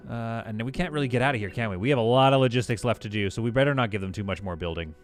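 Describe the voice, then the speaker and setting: A man talks through his game on a live stream at an easy, middle pitch, musing aloud and answering chat. He laughs readily and keeps things casual. A soft bed of music plays faintly underneath. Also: rapid-fire. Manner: thinks aloud, chatty, reads chat; relaxed, laughs easily. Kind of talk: live gameplay commentary.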